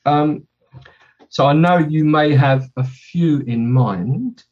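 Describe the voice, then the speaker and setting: A man's voice: on the high side, slow pace, a little mellow, lo-fi sound. A man hosting a podcast in casual chat, rambling and correcting himself as he talks. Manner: rambling, self-correcting, chatty. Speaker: podcast host.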